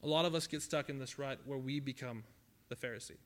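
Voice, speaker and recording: A man preaching a sermon at a youth camp, conversational and dramatic, swinging from loud to hushed. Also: mid-range voice, fast.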